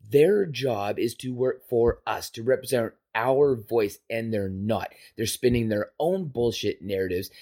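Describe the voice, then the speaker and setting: A man's voice: medium pitch, a little mellow. A man hosting a podcast, delivering an impassioned, emphatic political rant with profanity. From Canada. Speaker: podcast host. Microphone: podcast microphone.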